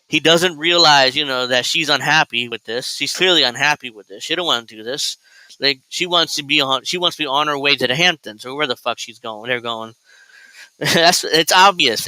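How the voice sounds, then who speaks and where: A man's voice: clean tone, no room sound, rough recording. A man hosting a live reaction show, talking casually and mockingly, often mimicking others in a raised voice. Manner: animated, mocking, mimics people in high voices. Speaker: host reacting to a video.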